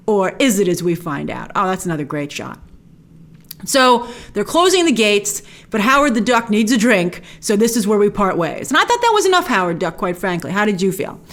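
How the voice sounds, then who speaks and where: A woman hosting a show, giving a casual, excited, chatty breakdown and review of an episode, often quoting characters in little voices. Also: mid-range voice, moderate pace. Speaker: show host.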